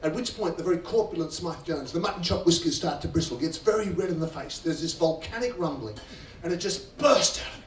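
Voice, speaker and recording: A man with an Australian accent giving an after-dinner speech as guest speaker at a fundraiser. He tells stories in an animated, theatrical way. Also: on the high side, fairly quick, a little hiss or hum. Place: function room at a fundraiser. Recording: roomy hall, distant mic, faint ambience.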